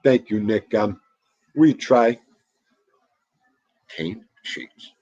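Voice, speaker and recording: A man hosting a casual livestream, loud and excitable, chatting straight to his viewers. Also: on the low side, drawn-out words, long pauses, slightly rough, no echo, lo-fi sound. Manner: loud, excitable, talks to chat. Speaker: livestream host.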